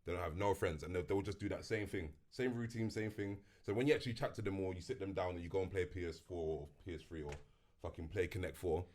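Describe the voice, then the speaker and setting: Fast-talking young man, low voice. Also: darkish tone, slight background noise. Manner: laid-back, London slang, tells stories from youth work. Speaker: podcast co-host. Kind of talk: casual group chat.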